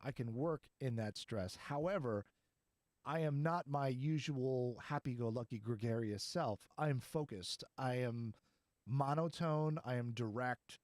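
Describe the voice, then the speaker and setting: A man's voice: mid-range voice, measured pace, a little mellow, dry recording. Chatty man with a dry, close sound. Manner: chatty and rambling, laughs easily. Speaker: podcast host. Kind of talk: casual chat.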